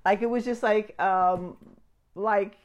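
A woman in relaxed chat with a friend, telling everyday stories and slipping into other people's voices as she quotes them. Her pitch sits in the middle for a woman. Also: slow pace, highs cut off. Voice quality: animated storyteller acting out quoted voices. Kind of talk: casual chat.

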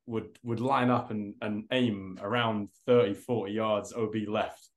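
Low-ish and fairly even in intonation, this man's voice moves at a measured pace as he co-hosts a casual podcast over video call. He rambles, swears without much thought and calls everyone mate.

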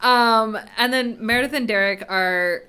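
A woman co-hosting a podcast, chatting casually and retelling scenes in an animated way, with swearing. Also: on the high side, a little slow, clean tone. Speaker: podcast co-host. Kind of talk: casual recap chat.

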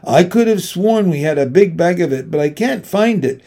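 A man's voice: sits high, animated, moderate pace, mellow. A man reading an audiobook, voicing a worried and stern mother with tense, scolding questions. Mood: upset. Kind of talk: audiobook character voice.

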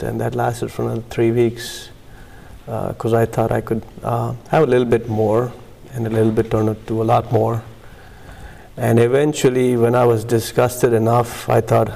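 A man telling his personal recovery story in a halting way, with many fillers and pauses. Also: mid-range voice, vocal fry, dark tone. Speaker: recovery meeting speaker. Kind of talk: personal testimony.

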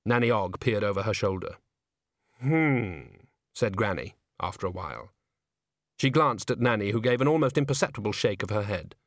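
A man reading a comic fantasy story aloud in wry, measured scripted narration. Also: fairly low pitch, dry recording, clean studio sound. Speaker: audiobook narrator.

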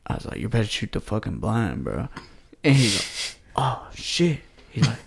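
A man's voice: on the low side, sing-song, moderate pace, gravelly, breathy edge. A man on a podcast telling a hunting story in casual, profane slang, acting out the quoted lines and dropping to a whisper for them. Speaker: podcast co-host.

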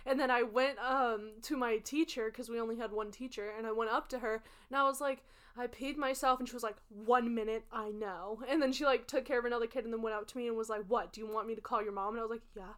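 A woman's voice: a little high, steady tone, fast, a bit bright, clear, resonant tone. A young woman co-hosting a podcast, casually telling rambling childhood stories with frequent laughter. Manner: rambling anecdotes, laughs often. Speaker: podcast co-host. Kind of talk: casual chat.

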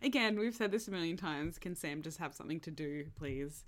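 A woman's voice: low voice, expressive, fairly quick. A woman co-hosting a podcast in casual chat, talking with many fillers and laughing often. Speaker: podcast co-host.

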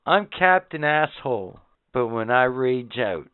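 A man's voice: medium pitch, sing-song, unhurried, clear, resonant tone. A man co-hosting a podcast, boisterous and profane, laughing often and ranting in casual banter. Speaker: podcast co-host. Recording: tinny lo-fi recording.

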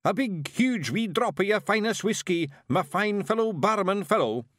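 A man's voice: sits high, lively intonation, moderate pace, fairly bright tone, dry recording, clean studio sound, voice pushed up. A man voicing a rowdy crowd of little fairy men disguised as a drunken scarecrow, in a thick Scottish brogue. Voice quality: gruff brogue, squabbling.

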